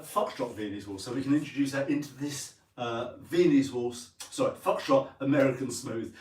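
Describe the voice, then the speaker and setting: A man's voice: medium pitch, darkish tone, distant mic. An English man leading a live-streamed dance lesson, chatting with viewers while counting and singing out the steps. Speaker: dance teacher. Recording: roomy sound from away from the mic.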